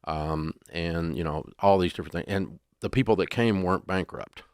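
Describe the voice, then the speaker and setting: A middle-aged man, telling stories in a folksy, animated way as an interview guest. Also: deep voice, normal speed, clean tone, no echo, studio quality. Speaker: guest, business founder. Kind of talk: storytelling interview.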